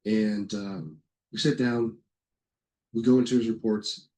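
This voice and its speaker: A middle-aged man presenting a software webinar in a casual, rambling way, telling anecdotes with lots of fillers and self-corrections. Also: fairly low pitch, fairly even intonation, a little slow, rough recording.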